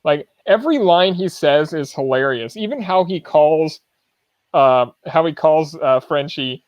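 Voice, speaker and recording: A man's voice: fairly high pitch, expressive, unhurried, dry recording, muffled recording. Male podcast co-host, easygoing and amused, slightly raised voice, dry sound. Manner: easygoing, laughs between remarks. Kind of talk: casual film discussion.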